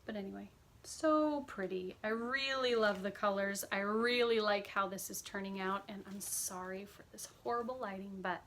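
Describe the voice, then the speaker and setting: A woman's voice: medium pitch, normal speed, hardly any pauses, a bit bright. A woman in her thirties chatting casually at home about her cross stitch projects, upbeat and sleepy. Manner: chatty, upbeat, lots of fillers. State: sleepy, yawning. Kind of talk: casual chat.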